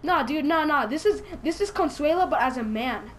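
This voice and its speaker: A young woman with a high, light voice talks over her game in a let's play. She is excitable and crude, jokes nonstop and keeps bursting into giggles. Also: moderate pace, a little hiss or hum. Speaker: gaming YouTuber.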